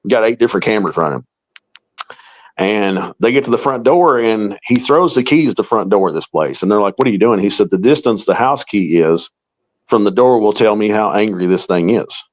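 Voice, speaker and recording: A man's voice: on the low side, expressive, a little fast, poor audio. A middle-aged man, a paranormal investigator, telling a long story in an interview and acting out the quoted dialogue.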